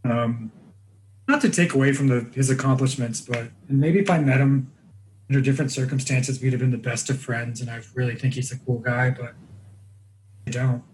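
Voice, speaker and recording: A man's voice: mid-range voice, steady tone, moderate pace, darkish tone, slight background noise, rough recording. Blunt, profane man telling stories. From Iranian family. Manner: blunt, profane, jokey impressions in anecdotes. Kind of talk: casual storytelling chat.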